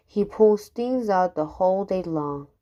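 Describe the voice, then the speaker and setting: A woman reading aloud as a calm, sensible mother who speaks in a matter-of-fact way. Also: mid-range voice, measured pace, muffled recording, natural voice.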